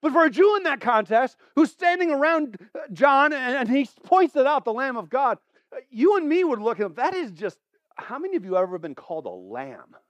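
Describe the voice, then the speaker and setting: A man preaching a sermon, animated, swinging between hushed tones and loud exclamations as he acts out scripture. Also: extremely high pitch, brisk, dry recording, muffled recording.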